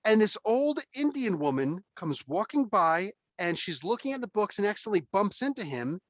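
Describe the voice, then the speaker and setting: A man hosting a casual podcast chat, telling stories in an animated, emphatic way and swearing freely. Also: sits high, moderate pace, no room sound, muffled recording. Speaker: podcast host.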